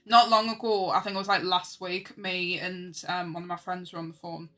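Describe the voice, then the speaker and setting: A woman's voice: fairly low pitch, little pitch movement, normal speed, bright, forceful tone. Chatty young woman streamer. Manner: chatty and self-mocking, laughs often, answers chat. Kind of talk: casual chat while drawing on stream.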